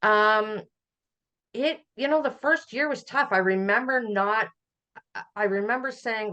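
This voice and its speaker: A woman's voice: on the high side, unhurried, long pauses. Woman recalling her father, fond storytelling. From Canada. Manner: warm storytelling, laughs while recalling. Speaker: podcast guest. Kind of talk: conversational interview.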